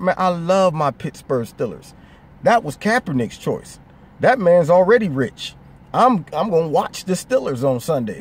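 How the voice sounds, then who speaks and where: A man's voice: fairly high pitch, darkish tone, slight background noise. A man giving his opinion in a vlog, conversational and emphatic. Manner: conversational, emphatic, slips into quoted voices. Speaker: vlogger. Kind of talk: opinion commentary.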